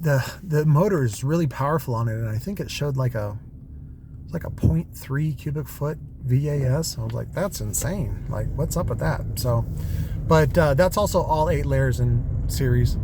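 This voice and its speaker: A man's voice: on the high side, noisy background. A man vlogging from a car on a night drive, talking in a loose, rambling way with lots of fillers and restarts. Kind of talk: casual rambling monologue.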